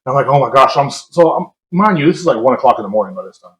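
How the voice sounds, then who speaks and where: A young man co-hosting a podcast rambles through a casual story at a racing clip, very animated and laughing often as he mocks himself. His voice is mid-range, and the room gives it a noticeable echo.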